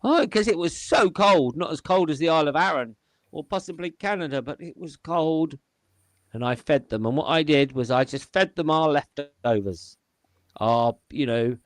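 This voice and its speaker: A man's voice: mid-range voice, no room sound. A man hosting a panel show over a video call, playful and theatrical, chatting with his guests. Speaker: host.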